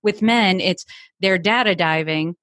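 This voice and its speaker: Woman talking it through calmly, dry close mic. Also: medium pitch, a little slow, dry recording. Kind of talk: casual podcast chat.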